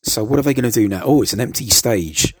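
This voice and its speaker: A man's voice: mid-range voice, fast, breathy edge, no room sound. A man giving casual, hesitant commentary over an old TV show, stammering and adding chuckling asides.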